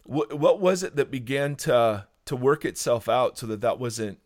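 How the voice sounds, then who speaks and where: Man interviewing, quick reactive exclamations. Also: mid-range voice, dry recording, clean studio sound. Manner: warm reactions, short exclamations. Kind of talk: casual interview.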